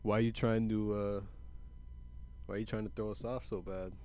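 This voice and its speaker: A man's voice: fairly low pitch, little pitch movement, moderate pace, a little mellow, clear, resonant tone. A young man co-hosting a podcast, teasing and laughing his way through a casual, swearing chat. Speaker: podcast co-host.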